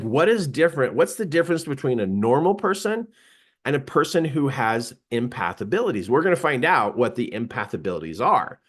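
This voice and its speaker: A man giving a live seminar talk, telling a personal story in an animated way, laughing often and acting out quoted lines. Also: mid-range voice.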